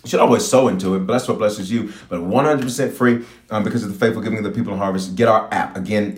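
A man's voice: fairly low pitch, roomy sound. A man who is a bishop, preaching and praying with fervent call-and-response and lots of repetition. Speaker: bishop and pastor.

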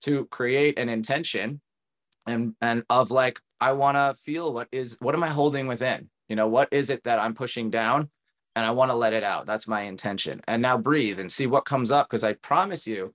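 A man's voice: mid-range voice, normal speed, a bit bright. Earnest man talking about healing. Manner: earnest, encouraging, speaks in reflective run-on thoughts. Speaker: tantra coach and guest. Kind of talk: casual podcast conversation.

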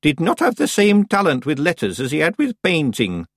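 A man voicing an ancient, stern old woman witch in an audiobook, speaking slowly, precisely and formally. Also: a little high, wildly swooping pitch, no room sound, studio quality, pitched above the performer's own voice, exaggerated voice.

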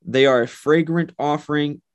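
A man's voice: fairly high pitch, steady tone, normal speed. A man preaching a sermon and leading a prayer, earnest and emphatic, often repeating his words. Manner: earnest, repetitive, emphatic phrasing. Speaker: pastor.

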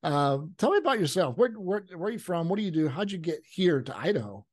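A man's voice: a little high, very animated, a little fast. Upbeat male podcast host. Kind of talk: podcast interview.

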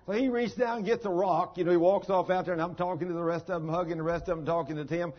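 Older male pastor, husky and a bit high-pitched, folksy sermon on a dull lo-fi recording. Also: steady tone, quick pace. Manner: folksy storytelling, down-home phrasing.

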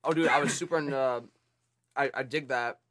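Young male podcast co-host, bright edge to his voice, laid-back and profane. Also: medium pitch, fairly even intonation, a little fast. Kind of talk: casual chat.

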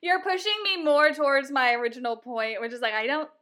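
A woman's voice: high-pitched, animated, a little fast, fairly bright tone. A woman hosting a podcast in casual chat, talking in an agreeable way with lots of "like" fillers. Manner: chatty, agreeable, filler-heavy. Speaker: podcast host.

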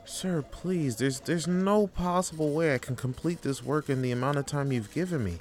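A man's voice: on the high side, normal speed, darkish tone, close to an everyday voice. A man voicing an overworked male office clerk who pleads with his boss and then turns profane and combative. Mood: pleading.

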